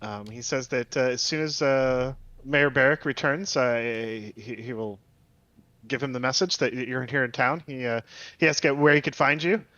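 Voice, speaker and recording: A man narrating as game master of a tabletop game, halting with many fillers and restarts. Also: medium pitch, bright, forceful tone, no room sound, lo-fi sound.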